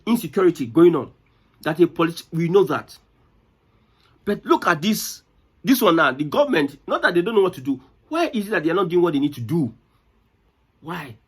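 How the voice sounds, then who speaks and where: A man's voice: a little high, husky. A Nigerian man giving impassioned political commentary, indignant, firing rhetorical questions and repeating phrases. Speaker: news commentator.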